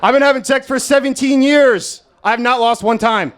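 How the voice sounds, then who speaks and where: A young American man works through a stand-up set at an open mic, speaking in a notably high register. His delivery is dry and deadpan, crude and self-mocking. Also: moderate pace. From United States. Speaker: stand-up comedian. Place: comedy club stage, Las Vegas.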